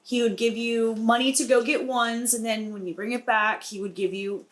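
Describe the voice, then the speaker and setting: A young woman with a somewhat high voice chats on a podcast. She rambles casually, fills gaps with um and uh, and sounds relaxed. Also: moderate pace. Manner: chatty, reminiscing, many fillers like um. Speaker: podcast co-host, dancer. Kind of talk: casual chat.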